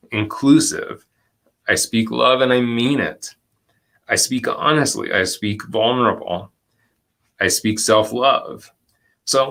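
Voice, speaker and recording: A man presenting a live online workshop as an educator, speaking in a gentle, reflective way, slowing down for key phrases and reading out comments from the chat. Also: fairly low pitch. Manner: gentle, reflective, with slow deliberate stretches and soft laughs.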